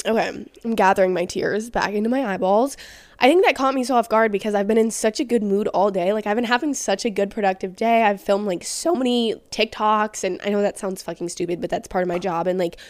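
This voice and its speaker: A young adult woman hosts a casual solo podcast, speaking candidly and fairly quickly with lots of "like" fillers. Her voice is mid-range and there's no echo.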